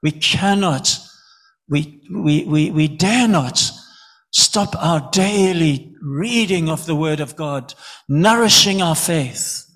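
A man's voice: fairly high pitch, slow pace, fairly bright tone. A man from Zimbabwe, preaching an earnest sermon and often repeating words for emphasis.

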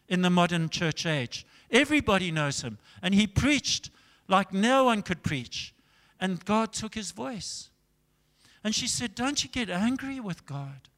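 Male preacher with a high voice, telling the story with dramatic loud-to-soft swings, in a reverberant church hall. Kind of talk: sermon.

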